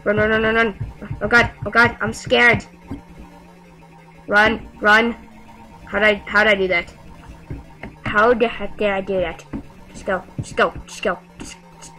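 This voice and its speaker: A woman giving casual gameplay commentary, excitable and talking back to the game with frequent yelps and exclamations. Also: medium pitch, unhurried, pauses often, faint music behind, low-quality recording. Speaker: gamer.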